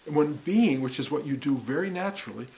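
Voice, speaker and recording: A middle-aged man teaching about awakening in a musing, reflective way, repeating words and breaking into animated bursts. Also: fairly high pitch, brisk, rough recording. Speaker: spiritual teacher. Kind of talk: reflective spiritual talk.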